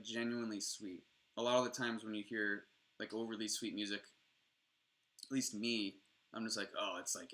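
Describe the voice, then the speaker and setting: Man, young adult, streamer, casual rambling chat, enthusiastic, profane, bright voice. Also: medium pitch.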